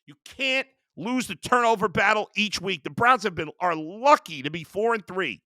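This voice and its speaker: A man's voice: sits high, expressive, normal speed, bright, forceful tone, dry recording, studio quality. A man hosting a sports show, ranting in a heated, exasperated way about his team. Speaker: sports talk host. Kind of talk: sports rant.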